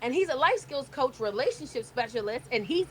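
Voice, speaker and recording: A woman's voice: high-pitched, expressive, brisk, a bit bright, slightly rough. A woman comedian chatting casually as a podcast guest, telling stories and acting out the voices of people in them. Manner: storytelling, acts out quoted voices. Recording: noisy background hiss.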